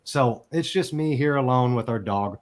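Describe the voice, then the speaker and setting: A man's voice: medium pitch, moderate pace. A man in his forties, a podcast guest telling a personal story in a candid, emotional way and swearing casually. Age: 40s.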